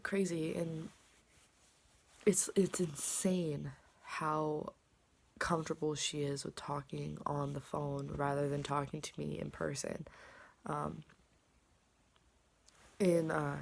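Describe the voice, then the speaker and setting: Young woman vlogger, low gravelly voice, rambling chatty delivery. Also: little pitch movement, takes it slowly, pauses often, slight background noise. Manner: rambling, filler-heavy, drops into soft whispers. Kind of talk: casual personal vlog.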